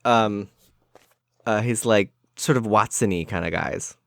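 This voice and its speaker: A man's voice: lowish voice, unhurried, gravelly, a bit bright, no echo, studio quality. A man co-hosting a casual movie podcast, laid-back, often giving brief replies. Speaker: podcast co-host.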